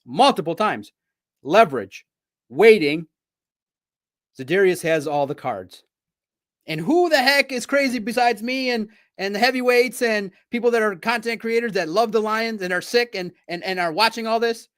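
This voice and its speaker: A man hosting a live sports talk stream, talking straight to his viewers in a playful, animated way. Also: high-pitched, normal speed.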